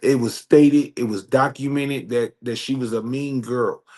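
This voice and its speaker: Podcast co-host, male, earnest and preachy, average pitch, repeats himself. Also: steady tone, measured pace, a little mellow. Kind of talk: casual chat.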